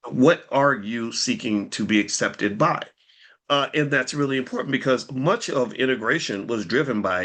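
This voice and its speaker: A man talking straight to his viewers in unscripted commentary, animated and rhetorical, piling up pointed questions and restarting his words as he goes. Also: medium pitch.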